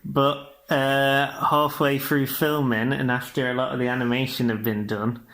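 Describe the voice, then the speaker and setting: A man's voice: mid-range voice, little pitch movement, normal speed, fairly bright tone. A man from the English Midlands co-hosting a podcast, telling a trivia fact in casual chat with plenty of ums and restarts. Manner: hesitant, with many ums and restarts. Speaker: podcast co-host.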